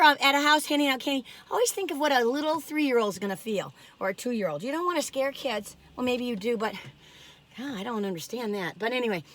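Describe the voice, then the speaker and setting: A woman's voice: a little high, fairly bright tone. A woman vlogging alone from her parked car, rambling through stories and exclaiming often. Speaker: food review vlogger. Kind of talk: chatty solo vlog.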